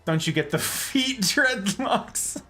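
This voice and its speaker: A playful young male streamer jokes his way through a game with theatrical flair. His bright, lively voice swoops up and down at an unhurried pace, with faint game music underneath. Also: high voice. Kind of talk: casual gameplay commentary.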